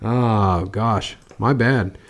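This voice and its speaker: Man, podcast co-host, low voice, casual confident picks. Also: drawn-out words. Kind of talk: casual sports chat.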